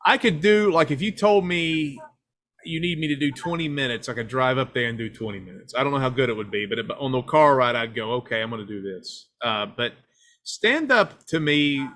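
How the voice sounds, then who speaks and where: This casual podcast chat features a guest filmmaker from Knoxville, Tennessee, who rambles, jokes, and runs himself down. His medium-pitched voice has lively intonation and a fairly bright tone, at a moderate pace.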